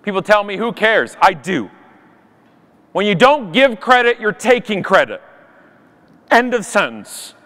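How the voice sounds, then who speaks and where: A man giving an animated, jokey conference keynote from a stage. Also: sits high, unhurried, pauses often. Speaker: conference speaker. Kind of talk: keynote talk. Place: large conference hall. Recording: long hall reverb.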